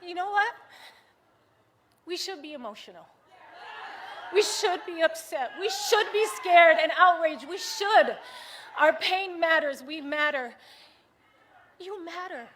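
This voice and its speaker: A woman from the United States giving an impassioned political rally speech, moving from hushed, earnest talk to rousing shouts. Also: extremely high pitch, expressive, slow, long pauses, slight background noise. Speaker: rally speaker. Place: large rally venue with a cheering crowd.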